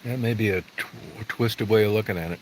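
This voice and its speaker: Chatting with his viewers on a livestream, this middle-aged host rambles, swears, and speaks bluntly. His fairly low, slightly mellow voice moves fairly quickly, and the low-quality recording carries a little hiss or hum.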